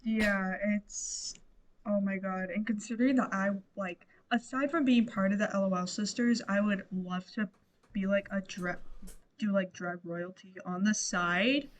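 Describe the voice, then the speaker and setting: Halting, swearing young woman podcaster. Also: mid-range voice, fairly even intonation. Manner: halting, swearing, heavy on fillers. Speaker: podcast co-host. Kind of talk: casual chat.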